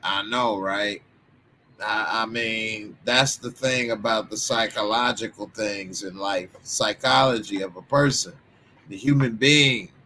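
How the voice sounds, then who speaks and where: Casual Texan male commentary host, chatty, slangy, sudden loud bursts, bright tone. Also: lowish voice, measured pace, a little hiss or hum. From Texas.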